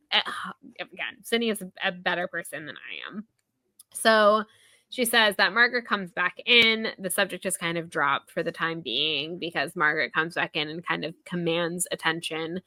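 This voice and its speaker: A woman's voice: on the low side, sharp tone, no echo, low-quality recording. A woman hosting a podcast, recapping a book chapter in a chatty, gossipy way, full of asides and acted-out character lines. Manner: acts out the characters' lines in quick voices. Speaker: podcast host.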